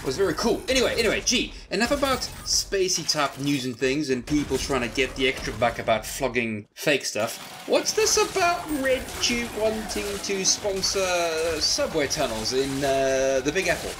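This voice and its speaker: A man co-hosting a podcast, chatting casually and excitedly, laughing often. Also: fairly high pitch, normal speed, hardly any pauses, background noise. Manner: excitable, laughs a lot, animated. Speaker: podcast co-host. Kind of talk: casual chat.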